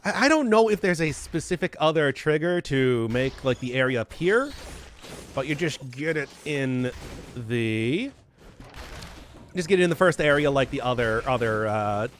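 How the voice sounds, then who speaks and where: Chatting with viewers during live game commentary, this Midwestern-accented male streamer rambles and cuts himself off mid-sentence, quick to laugh. His medium-pitched voice is animated, and his desk mic running through a mixer picks up a little hiss or hum.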